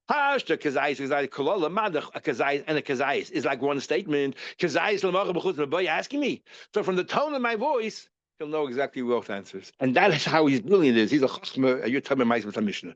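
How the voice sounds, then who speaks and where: A man with a fairly high voice teaches a Talmud lesson, reasoning aloud in an animated, repetitive way. The recording is dry and somewhat dull, with the muffled top end of a lo-fi mic. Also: fairly quick, no echo. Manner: animated, repeats terms while reasoning aloud.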